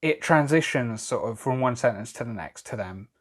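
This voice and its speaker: A man's voice: medium pitch, animated, normal speed. Thoughtful young man musing on films. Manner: reflective and hedging, with "I guess" and "sort of". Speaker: podcast co-host. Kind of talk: casual film chat.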